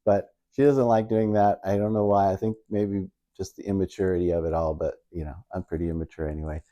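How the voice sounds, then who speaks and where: Mellow-voiced man telling stand-up stories. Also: low voice, a little fast. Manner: rambling, self-mocking, animated retelling. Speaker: stand-up comedian. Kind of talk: casual stand-up storytelling.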